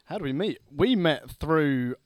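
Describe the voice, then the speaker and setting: Wry podcast host. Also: male voice, a little high, animated, unhurried, no room sound. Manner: dry, wry remarks. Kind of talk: casual chat.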